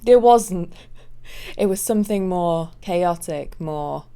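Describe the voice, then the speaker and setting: A woman's voice: medium pitch, animated, normal speed, a little mellow, clear, resonant tone. Giggly woman hosting a reaction video. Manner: giggly, chatty and self-deprecating. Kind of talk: casual reaction chat.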